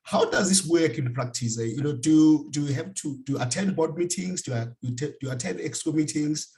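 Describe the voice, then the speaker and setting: A man interviews a guest, his voice sitting a touch higher than usual. He puts his questions with hesitation and fillers, restarting phrases several times before landing them. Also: a little fast, warm tone. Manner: hesitant, many fillers and repeated starts. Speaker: interviewer, host.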